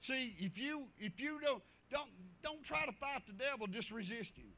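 A man's voice: very high-pitched, animated, moderate pace, sharp tone. A middle-aged man preaching a sermon in a folksy way, repeating himself and acting out stories.

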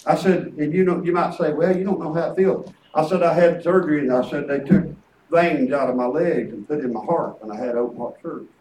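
An older preacher with a surprisingly high voice spins folksy family stories into his sermon, chuckling as he goes. He is caught from a distance in a roomy, echoey space with a faint hiss underneath. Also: brisk, a little mellow. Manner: storytelling, chuckling, quoting family in character. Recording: echoey room picked up from a distance.

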